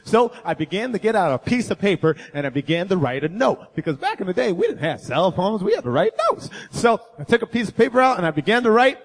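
A man, a guest speaker, telling a funny personal story in a sermon, animated and acting out voices and sounds. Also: high-pitched, fast talker, creaky, few pauses, slightly rough. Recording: echoey hall.

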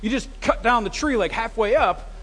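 A man preaching a sermon as pastor, telling stories with lively, self-deprecating humor. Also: extremely high pitch, moderate pace. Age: adult with a wife, past graduate study. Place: church sanctuary. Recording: long reverb of a church hall.

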